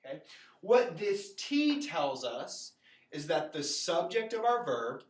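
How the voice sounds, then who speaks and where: Man, casual teacher, chatty with asides, distant camera mic, echoey room. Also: fairly high pitch. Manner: chatty and informal, with many fillers and asides to the viewer. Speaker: Latin teacher. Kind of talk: casual whiteboard lesson.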